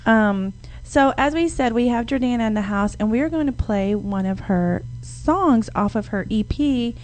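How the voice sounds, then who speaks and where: A woman's voice: fairly high pitch, lively intonation, normal speed, darkish tone. Upbeat woman co-hosting a radio show. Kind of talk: casual radio chat. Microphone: studio microphone.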